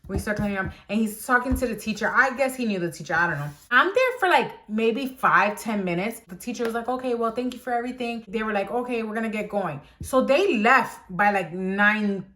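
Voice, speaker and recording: A woman's voice: fairly high pitch, brisk, hardly any pauses. A young woman vlogger animatedly telling a personal story time and acting out what people said. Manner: animated storytelling, acts out quotes.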